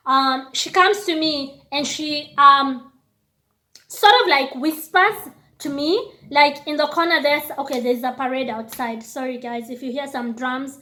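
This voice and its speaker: A woman vlogger casually telling a story, animated and acting out the dialogue herself. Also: high voice, moderate pace. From lives in Austria. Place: indoors near a street parade.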